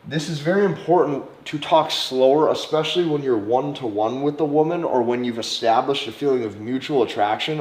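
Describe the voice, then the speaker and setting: Male dating coach, mid pitch, slow deliberate talk with soft acted examples, echoey room sound. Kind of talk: instructional monologue to camera.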